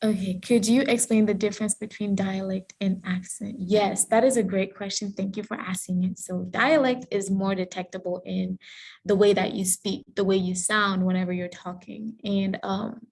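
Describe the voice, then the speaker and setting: A woman's voice: mid-range voice, fairly even intonation, moderate pace, gravelly, a little mellow. A woman from Cameroon giving an online lecture on a video call and answering audience questions in a friendly, explanatory way. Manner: friendly explanatory tone, with some fillers and self-corrections. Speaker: guest lecturer. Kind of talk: online presentation with Q&A.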